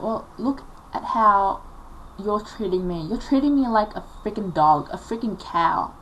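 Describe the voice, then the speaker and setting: A woman's voice: mid-range voice, lively intonation, measured pace, slight background noise, poor audio. A woman in her late teens telling a personal story on a confessional vlog, emotional and rambling, full of filler likes. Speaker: vlogger.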